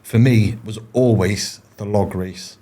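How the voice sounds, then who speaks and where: A man's voice: on the low side, fairly even intonation, a little slow, dark tone. A man, a former paratrooper, telling his stories in a casual interview, rambling with frequent restarts and fillers. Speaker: podcast guest, former paratrooper.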